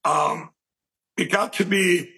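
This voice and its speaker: A man with a very husky, raspy voice sitting high in his range tells a personal story as an interview guest. He rambles through it with lots of restarts and acts out the quoted lines with energy. His tone comes across bright and forceful. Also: steady tone, slow, rough recording.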